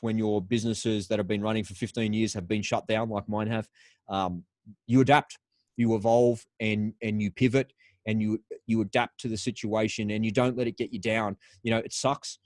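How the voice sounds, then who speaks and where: A man's voice: lowish voice, flat delivery, normal speed, darkish tone, dry recording, clean studio sound. A man with an Australian accent, a podcast guest telling stories in a casual, upbeat way with plenty of slang. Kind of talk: casual interview talk.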